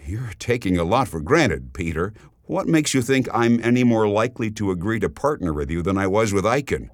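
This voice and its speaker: A man's voice: lowish voice, big pitch swings, brisk, no echo, studio quality, pitched above the performer's own voice. A man voicing a guarded, skeptical businessman who has been taken captive, answering tersely. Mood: wary.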